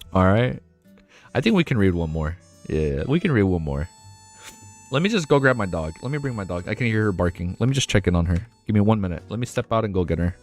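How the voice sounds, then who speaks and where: A man's voice: fairly low pitch, sing-song, fairly quick, soft background music. A man livestreaming as he reads a novel aloud, often breaking off to exclaim "oh, man" and "dude" as the story moves him. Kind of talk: reading a novel aloud with casual reactions.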